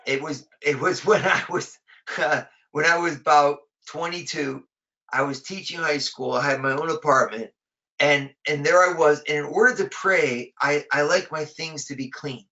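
A man preaching a sermon with a fairly high, bright, forceful voice. He talks in a loose, conversational way and often repeats himself mid-thought. The recording sounds a little muffled and lo-fi. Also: normal speed. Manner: conversational, repeats words while rephrasing.

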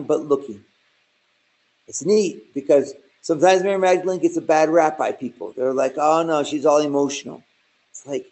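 Male preacher, voice on the higher side, casual animated Bible teaching. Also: poor audio. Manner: conversational and animated, with asides and jokes. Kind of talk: informal Bible teaching sermon.

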